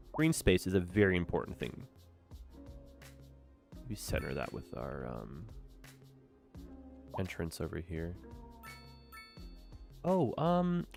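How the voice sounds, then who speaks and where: A young man talks through a city-building game in an easygoing, upbeat stream commentary, often ending his thoughts with "eh". His voice sits low with a gravelly edge but bounces around a lot in pitch. Faint music plays behind him. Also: a little mellow. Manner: chatty, upbeat, tag questions with "eh". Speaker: gaming streamer. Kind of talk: casual let's-play commentary.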